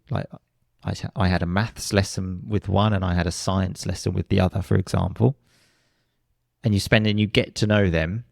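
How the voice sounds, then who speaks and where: A man with a deep, gravelly voice explains pronunciation in an interview. He demonstrates word stress by saying words several ways and often restarts his sentences. The sound is dry and close, with no room echo. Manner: frequent restarts and hesitations. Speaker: English pronunciation teacher, podcast guest.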